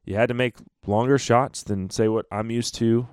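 A man hosting a podcast, telling a hunting story in a lively way, acting out what others said and laughing often. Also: mid-range voice, normal speed, clear, resonant tone, no room sound, clean studio sound. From North America. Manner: animated storyteller, acts out quotes, laughs often. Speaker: podcast host.

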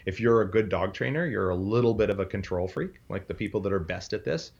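A man's voice: lowish voice, quick pace, gravelly, breathy edge, muffled recording. A man talking casually on a podcast, explaining dog training emphatically and often checking in with "right?".

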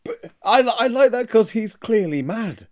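A man's voice: sits high, animated, moderate pace, a little mellow. A man co-hosting a casual podcast chat, responsive and encouraging. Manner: responsive, encouraging, amused listener. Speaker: podcast co-host.

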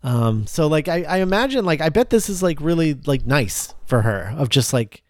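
A man's voice: fairly high pitch, very animated, normal speed, a little mellow, no echo, studio quality. A man talking casually through a film scene, rambling with many fillers and restarts. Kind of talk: casual movie commentary chat.

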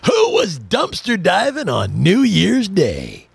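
A man's voice: sits high, wildly swooping pitch, slow pace, vocal fry, breathy edge, no echo. An older man hosting a radio car show, chatting casually and telling jokey stories with frequent laughs. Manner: jokey, storytelling, laughs often. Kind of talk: casual chat.

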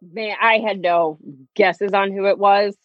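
A woman in casual chat about a TV series, animated and laughing often, acting out quotes in different voices. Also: mid-range voice, a little slow, dry recording, lo-fi sound.

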